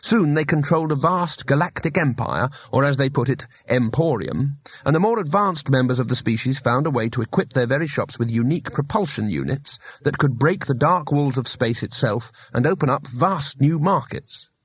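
A man's voice: mid-range voice, lively intonation, normal speed, hardly any pauses, slightly rough. A man narrating a comic fantasy audiobook in a dry, wry storytelling manner. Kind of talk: scripted narration.

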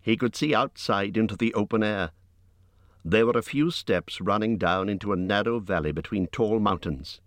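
The audiobook narrator is a man with a deep voice who tells the story in a measured, expressive manner. The recording is dry, with a clean studio sound.

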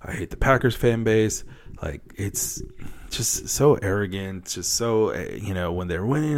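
A man's voice: on the low side, normal speed. A young man hosting a solo podcast in casual chat, swearing often and getting worked up. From Wisconsin, United States. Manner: swears often, gets worked up about sports. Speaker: podcast host.

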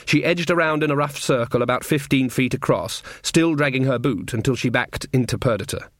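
A man reading an audiobook novel aloud in measured, scripted storytelling narration. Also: mid-range voice, no room sound, clean studio sound.

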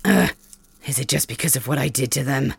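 A woman's voice: rumbling low, a little fast, vocal fry, breathy edge, no echo, heavily acted. A woman voicing a proud, angry young captive male dragon king who snarls and grunts defiantly in an ASMR audio role-play. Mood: defiant pain.

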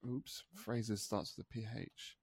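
A man's voice: fairly low pitch, fairly even intonation, a little slow, breathy edge, no echo, studio quality. A man, co-hosting a casual podcast chat, talking loosely and laughing often while he reads things out. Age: 30s. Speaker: podcast co-host.

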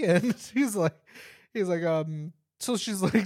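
A man's voice: sits high, slow, a little mellow, no echo, studio quality. A young man co-hosting a podcast, telling a story in a rambling, casual way with lots of "like" and frequent laughter. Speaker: podcast co-host. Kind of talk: casual chat.

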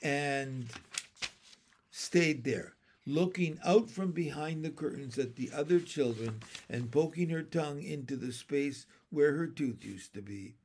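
A man narrating a children's chapter book aloud in a steady, gentle storytelling way. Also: on the high side, a little slow. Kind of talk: audiobook narration.

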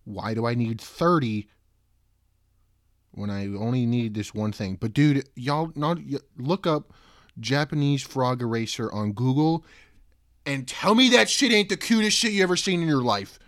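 A young man talks into a close, dry mic with a medium-pitched voice. He rambles and swears, then jumps into loud cries of disbelief. It sounds like a casual solo podcast. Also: a little slow, dry recording. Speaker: podcast host.

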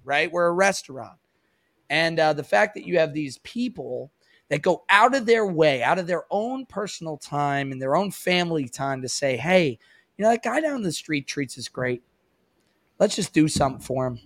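A man in his thirties hosting a podcast, talking in a loose, rambling, animated way with some casual swearing. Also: a little high, normal speed, no echo. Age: 30s. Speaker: podcast host. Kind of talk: casual chat.

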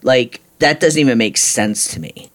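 A middle-aged man talks straight into the mic as a podcast host, recounting his own story. His voice sits at an ordinary pitch for a man, and he speaks bluntly, with frustration that breaks into ranting and casual swearing. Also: unhurried, fairly bright tone. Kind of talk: personal storytelling monologue.

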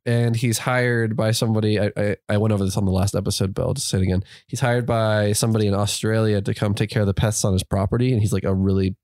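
A man's voice: on the low side, level tone, fast, few pauses, a little mellow, dry recording, studio quality. A man co-hosting a podcast, chatting casually and retelling movie plots in a rambling way. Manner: rambling storytelling with laughs. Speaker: podcast co-host. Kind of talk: casual chat.

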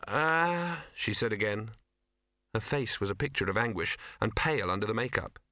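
A man reading a comic novel as an audiobook, in a measured, dry manner. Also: on the low side, pushed and bright, no room sound. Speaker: audiobook narrator.

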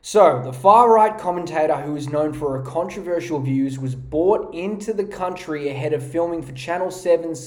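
A man's voice: fairly high pitch, a little mellow, reverberant. A man hosting a podcast, ranting in a mocking, profane comedic style on a podcast mic. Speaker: podcast host.

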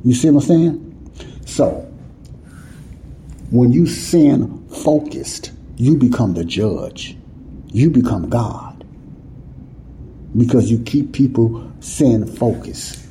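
A man teaches the Bible in an informal sermon, speaking in a mid-range voice with a dark tone, animated yet slow, pausing often. He talks casually with folksy grammar, repeats himself, and keeps asking "you see what I'm saying?" The audio is poor, with a bit of hiss or hum.

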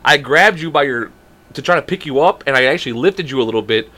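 A young man in his twenties co-hosting a podcast, telling a story in a casual, animated and profane way and acting out the quotes. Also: mid-range voice, fast. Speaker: podcast co-host.

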